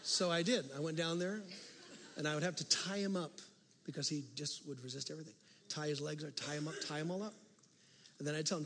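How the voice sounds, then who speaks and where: A male pastor preaching a sermon, telling a story with animated swings from loud to hushed. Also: on the high side, quick pace. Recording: long reverb of a large hall.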